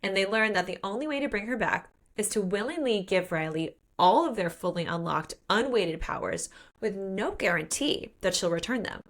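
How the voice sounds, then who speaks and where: A woman with a mid-range voice and lively intonation co-hosts a book podcast, speaking at a moderate pace. She retells a plot in casual conversation, acting out the characters' lines and peppering her talk with "like."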